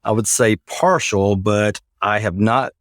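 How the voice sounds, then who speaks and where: A middle-aged man with a Southern US accent, chatting as a guest in a relaxed, chuckling, self-deprecating way. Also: on the low side, slow, dry recording. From Georgia, US. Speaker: guest, psychology professor. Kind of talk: casual interview chat. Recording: dry, close sound.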